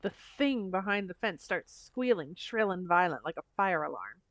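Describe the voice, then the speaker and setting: A woman's voice: fairly low pitch, expressive, moderate pace, noisy background. A woman streamer reading game dialogue aloud in a dry, wry way.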